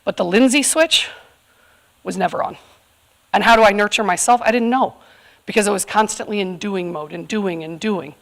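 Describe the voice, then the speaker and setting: A woman's voice: medium pitch, moderate pace, vocal fry. Candid woman telling her story. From California. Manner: candid, earnest, many fillers. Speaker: community event speaker. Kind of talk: personal talk to a live audience.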